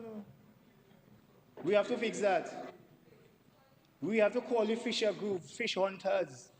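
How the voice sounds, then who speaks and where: Man, parliamentary debate speech, emphatic, repeats words for stress, slightly high voice, long chamber reverb. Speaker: member of parliament.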